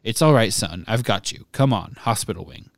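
A man reading aloud and voicing a gruff older male veteran who asks curt, urging questions. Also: on the low side, lively intonation, moderate pace, no echo, clean studio sound.

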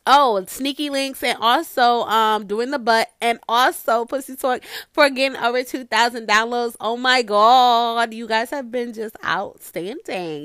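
A woman's voice: on the high side, a bit bright, dry recording, clean studio sound. A woman hosting her own podcast, chatting casually and swearing freely as she talks straight to her listeners. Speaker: podcast host. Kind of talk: casual solo podcast chat.

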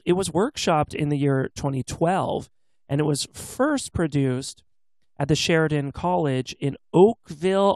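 A man co-hosting a casual podcast chat, animated and playful, slipping into jokey put-on accents. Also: on the high side, no echo. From Pacific Northwest. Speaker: podcast co-host.

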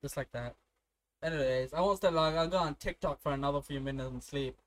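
A man's voice: fairly high pitch, a little fast. A young man from India chatting casually, swearing freely and telling stories with laughter. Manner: profane, storytelling, laughs often. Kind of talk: casual chat.

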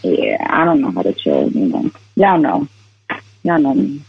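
A man's voice: medium pitch, wildly swooping pitch, moderate pace, gravelly, husky, faint music behind. A man co-hosting a podcast, telling stories in a laid-back, slangy casual chat. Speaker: podcast co-host. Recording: dull lo-fi mic.

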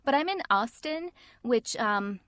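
A woman voice actor in casual chat, telling stories in a lively, animated way. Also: fairly high pitch, a little slow, no echo, clean studio sound. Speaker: voice actor, podcast co-host.

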